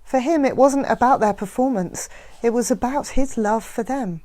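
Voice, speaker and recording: A woman reading a novel aloud in a steady, measured narration. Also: medium pitch. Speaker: reader.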